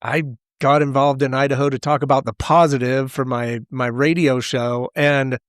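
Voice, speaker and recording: A man hosting an interview in a relaxed, conversational way, with brief acknowledgments. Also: medium pitch, moderate pace, clear, resonant tone, no room sound, studio quality. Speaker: host. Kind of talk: casual interview talk.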